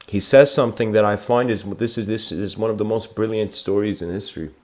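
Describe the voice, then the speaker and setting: A man giving a livestreamed spiritual talk, telling stories reflectively and slowing down for emphasis. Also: lowish voice, fairly even intonation, slight background noise. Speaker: spiritual lecturer.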